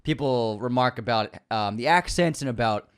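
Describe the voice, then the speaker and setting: A man co-hosting a film podcast in casual chat, talking in an animated way and laughing often. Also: medium pitch, normal speed, clear, resonant tone. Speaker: podcast co-host.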